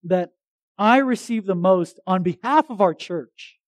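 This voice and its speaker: A male pastor with a notably high voice delivers a sermon in a relaxed, conversational manner. He keeps the energy up and often restarts his sentences. The sound is dry and close, with little room in it. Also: a little slow, dry recording. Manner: conversational, animated preaching with restarts.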